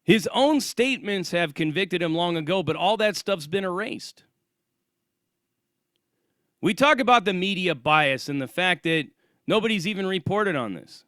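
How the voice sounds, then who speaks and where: A man's voice: sits high, lively intonation, moderate pace, fairly bright tone, no echo, clean studio sound. A man hosting his own channel, delivering an angry, profane and sarcastic ranting monologue. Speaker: channel host.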